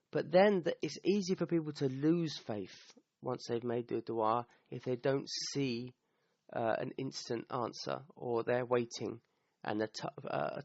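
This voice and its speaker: Gravelly man teaching, dull dry recording. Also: medium pitch, dry recording. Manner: thinks aloud with restarts, checks in with "okay?". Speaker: Quran teacher. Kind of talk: recorded talk explaining a verse.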